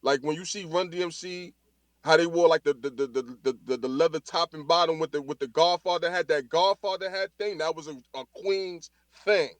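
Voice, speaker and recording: Higher-pitched Bronx New York man. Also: fairly quick, dry recording. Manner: animated, repeats words while finding his point. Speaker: call-in speaker. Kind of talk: casual chat in an audio chat room.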